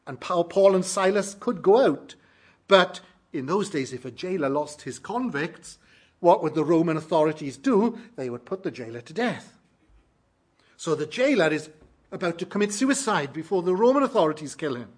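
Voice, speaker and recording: A male pastor delivering a Sunday sermon in a slightly raised, husky voice. He builds emphasis around quoted questions and asks them back to his listeners. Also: on the high side, very animated, normal speed.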